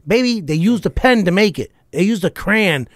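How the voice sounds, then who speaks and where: A middle-aged man, a comedian guest, telling stories in a profane, animated, punchy way. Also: high-pitched, normal speed, dry recording, studio quality. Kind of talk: casual storytelling chat.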